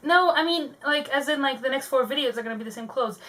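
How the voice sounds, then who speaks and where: A woman's voice: high-pitched, quick pace, a bit bright. A young woman co-hosting a book channel, chatting casually and giggling, trailing off with fillers. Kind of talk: casual chat.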